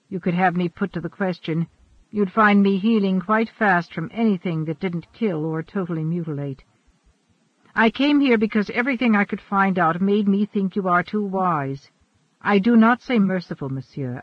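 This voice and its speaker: A man voicing a calm, ageless immortal adventurer who speaks in a measured, earnest and formal way. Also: high-pitched, no room sound. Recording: dry, dull lo-fi.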